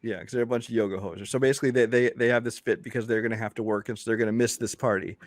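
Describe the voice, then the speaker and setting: Fast-talking man in a dry room. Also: fairly low pitch, fairly even intonation, no room sound. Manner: quick, chatty storytelling. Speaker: podcast co-host. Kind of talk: casual movie review chat.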